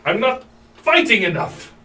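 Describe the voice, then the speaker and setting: A man with a slightly high voice jokes and teases in a goofy way while playing a tabletop game. His voice sounds roomy and distant, with a faint hiss behind it. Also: very animated, a little slow, pushed and bright. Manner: playful, goofy, teasing. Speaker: player. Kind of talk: casual tabletop game chat. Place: room at a gaming table. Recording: echoey room, distant mic, faint hiss.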